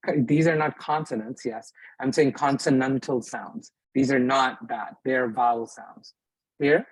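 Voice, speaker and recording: A man's voice: mid-range voice, unhurried, husky, no echo, poor audio. A man teaching beginners in a live class, patient, often checking that his students follow. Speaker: Arabic teacher. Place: mosque classroom.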